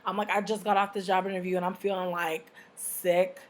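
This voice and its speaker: A woman's voice: fairly low pitch, a little fast. Brash, profane young woman ranting. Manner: profane, brash, animated storytelling. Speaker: vlogger. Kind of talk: casual storytime rant.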